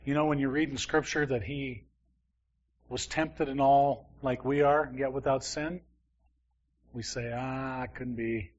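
Man, mid-pitch, Bible teacher, chatty and questioning, muffled lo-fi recording. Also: steady tone, a little slow, pauses often. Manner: conversational, asks the class questions.

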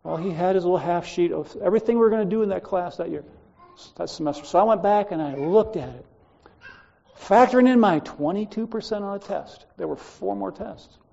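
A man's voice: high voice, a little fast, gravelly, dark tone, highs cut off. A man teaching a Bible class, lecturing and telling stories from his school days to students, speaking to them directly in a chatty way.

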